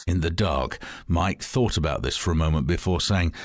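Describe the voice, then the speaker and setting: Brief: very deep, husky man narrating a wry story, dry close recording. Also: normal speed, no room sound. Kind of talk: telling a joke as a story.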